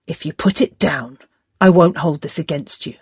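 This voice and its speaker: A woman's voice: sits low, normal speed, slightly rough, no room sound, full character voice. A woman voicing a hard, menacing man in an audiobook, her delivery tense and threatening. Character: hard menacing male pimp.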